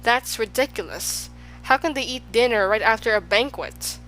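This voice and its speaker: Lady doing a polite puzzled kid, earnest questions, soft music behind. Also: on the high side, moderate pace, natural voice, low-quality recording. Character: polite, puzzled young boy. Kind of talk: audiobook character voice.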